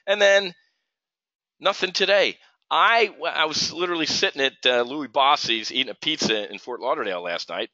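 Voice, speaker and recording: A man's voice: mid-range voice, sharp tone, dry recording. A middle-aged man hosting a live trading stream, ranting heatedly and stumbling over his words as he goes. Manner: heated, ranting, full of restarts. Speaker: host of a live trading show. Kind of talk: casual live stream rant. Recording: dull, dry lo-fi stream audio.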